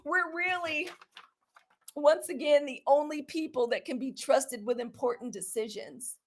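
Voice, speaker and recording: A young woman from the South, casually chatting to viewers in a live video, animated and saying y'all. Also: high-pitched, moderate pace. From Southern US (Mississippi). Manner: chatty and animated, says y'all, quotes others in lively put-on voices. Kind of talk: casual livestream monologue.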